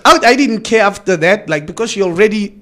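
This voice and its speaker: A man's voice: high voice, brisk. A man with a Namibian accent, a comedian telling stories animatedly in a casual podcast chat. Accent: Namibian English. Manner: animated storytelling.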